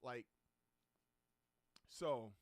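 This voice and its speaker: A man's voice: very slow, dry recording. A man hosting a live draft watch-along, talking casually and ranting in exasperation. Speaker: podcast host.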